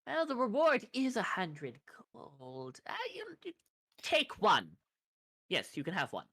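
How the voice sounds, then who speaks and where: An eccentric wizard shopkeeper, played by a woman, with a bright, swooping voice that rises and falls widely. She rambles and hesitates, then grows grandiose, recorded close and dry. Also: medium pitch, wildly swooping pitch, unhurried, dry recording, full character voice. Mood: firm. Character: eccentric female wizard shopkeeper who awakens animals.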